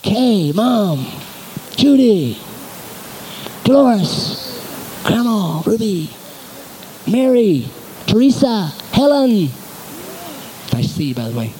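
A man preaching a sermon as pastor to his congregation, animated and exhorting, in a church. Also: very high voice, takes it slowly, long pauses, slight background noise, low-quality recording.

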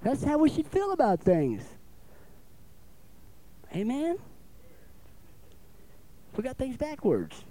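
A man preaching with a high but mellow voice. He talks in a folksy, conversational way, keeps asking the congregation for an amen, and acts out little exchanges himself. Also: wildly swooping pitch, slow pace, long pauses, poor audio. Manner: folksy, calls for amens, acts out little dialogues. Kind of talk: sermon.

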